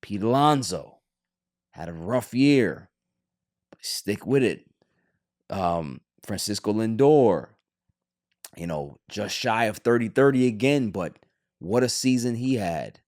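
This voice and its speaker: A man's voice: fairly low pitch, expressive, takes it slowly, pauses often, darkish tone. A man hosting a sports podcast, talking casually and rambling, with frequent restarts and fillers. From Queens, New York.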